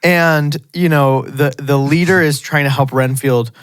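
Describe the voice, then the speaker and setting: Man, podcast co-host, slightly high voice, casual animated movie chat, laughs a lot, dry close sound. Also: measured pace, clear, resonant tone, no room sound. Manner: animated, laughing retellings of scenes.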